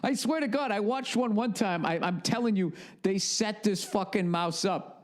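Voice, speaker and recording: A middle-aged man, hosting a podcast in an animated, swearing comedic rant with acted-out asides. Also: sits high, moderate pace. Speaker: podcast host.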